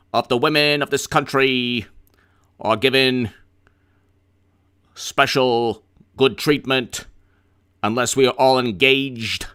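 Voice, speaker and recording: A man putting on a mocking impression of a male politician making a slow, pompous speech. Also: medium pitch, bright, forceful tone, clear, resonant tone.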